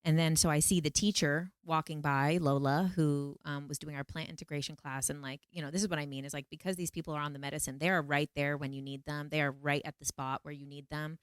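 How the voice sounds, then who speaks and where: A woman vlogger telling a personal story to camera in a casual, animated, emphatic way. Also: deep voice, fast talker, few pauses, smooth, no room sound, studio quality. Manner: animated, emphatic, repeats phrases for effect.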